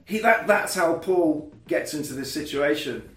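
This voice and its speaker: A man casually retelling a film plot on a podcast, animated and swearing freely, jumping into loud voices for the characters. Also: a little high, a little slow, reverberant. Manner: animated, shouts out quoted lines in put-on voices, swears freely. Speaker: podcast co-host recapping a film. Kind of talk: casual comedic chat.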